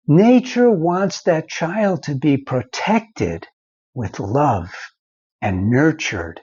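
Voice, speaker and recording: A man's voice: fairly high pitch, expressive, a little mellow, breathy edge, highs cut off. An older man, a marriage counselor and founder, giving folksy advice to the camera and acting out little stories. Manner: slow, folksy storytelling with acted-out quotes.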